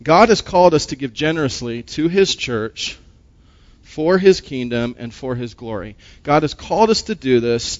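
A man's voice: fairly high pitch, fairly bright tone, no room sound, muffled recording. A man preaching a sermon as a pastor. He speaks emphatically, asks rhetorical questions and often repeats words.

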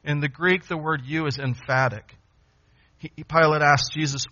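A man's voice: a little high, fairly even intonation, normal speed, pushed and bright. A man preaching an expository sermon, emphatic, repeating phrases and asking rhetorical questions. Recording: dull lo-fi sound.

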